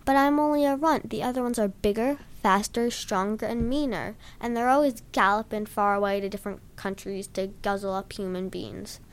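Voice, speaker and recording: A woman voicing a huge but timid runt giant who speaks in a nervous, hushed way. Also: mid-range voice, fairly even intonation, normal speed, few pauses, smooth, lightly acted. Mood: fearful. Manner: whispered, nervous.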